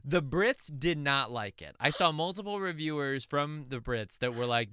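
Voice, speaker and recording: A man chats casually as a podcast host, swinging his pitch around as he reads out reviews and trivia. His voice is bright and smooth. The room sounds dry and close. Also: animated, normal speed, hardly any pauses, no room sound. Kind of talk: casual chat.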